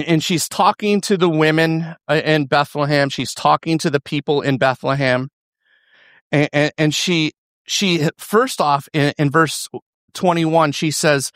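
A man preaching a sermon, often repeating and restarting words, his pitch climbing on emphatic lines. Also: a bit bright, no echo, studio quality. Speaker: pastor.

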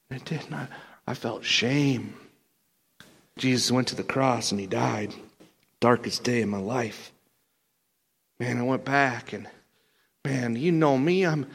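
A man performing a burly, blunt apostle in a rambling, excitable first-person sermon monologue. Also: a little high. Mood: rowdy, then remorseful. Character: burly rough-talking apostle Peter, impulsive and blunt.

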